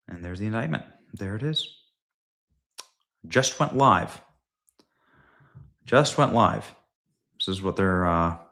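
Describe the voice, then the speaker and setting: A man hosting a live political commentary stream from home, talking in a fired-up, emphatic way with sudden loud, high outbursts.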